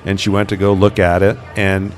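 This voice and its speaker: Low-voiced man telling ghost stories. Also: fairly quick. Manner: animated, acts out quoted voices. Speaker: paranormal investigator guest. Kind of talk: conversational interview storytelling.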